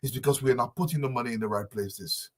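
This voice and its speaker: A man from Liberia, making a fervent, pleading public appeal with repeated lines and swings from soft to loud. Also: medium pitch, quick pace. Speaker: diaspora business advocate.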